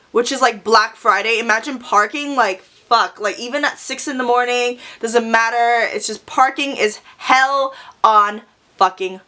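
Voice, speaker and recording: High, bright-voiced young woman. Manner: animated, profane, dramatic storytelling. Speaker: vlogger. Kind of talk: storytime vlog.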